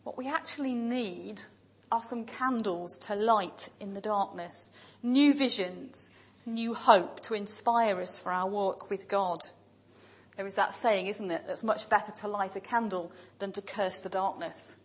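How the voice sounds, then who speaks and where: A woman preaching a sermon in a church, speaking in measured, emphatic lists with pauses. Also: mid-range voice, husky, low-quality recording.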